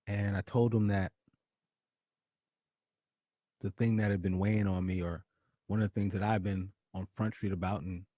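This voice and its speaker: A man's voice: fairly low pitch, steady tone, fairly quick, no room sound, clean studio sound. Man telling a heartfelt personal story. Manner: emotional, dramatic shifts between loud and hushed. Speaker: podcast host.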